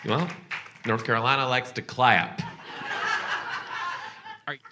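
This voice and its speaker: A man doing stand-up crowd work and telling a story, animated, profane and teasing with the audience. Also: medium pitch, slow pace, background noise. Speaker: comedian and podcast host.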